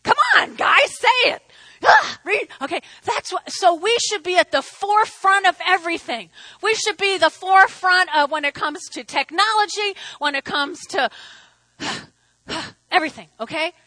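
A woman pastor preaching a sermon, emphatic, swinging between hushed asides and shouted declarations, hot and sweating. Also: very high-pitched, moderate pace, no room sound, rough recording.

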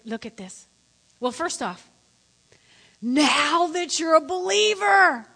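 A woman preaching a sermon in a church, quizzing her congregation in a lively way and swinging between quiet and loud. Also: high-pitched, long reverb tail.

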